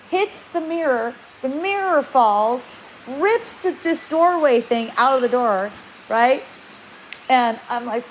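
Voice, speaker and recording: A woman in her forties telling personal stories in a chatty, animated way, acting out quoted lines and laughing often. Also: sits high, takes it slowly, a little hiss or hum, poor audio. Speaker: speaker sharing spiritual experiences. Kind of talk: personal storytelling talk.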